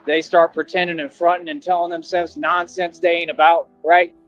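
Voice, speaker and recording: Man, boastful street monologue, slangy, higher voice, muffled lo-fi sound. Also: little pitch movement, moderate pace, fairly bright tone. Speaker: streamer in played clip. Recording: dull lo-fi clip audio with music.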